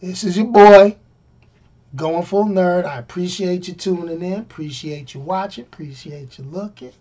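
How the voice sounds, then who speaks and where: A man giving a casual spoken movie review. He talks emphatically, repeats phrases for effect, laughs often, and swings between loud bursts and quiet asides. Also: high voice, normal speed.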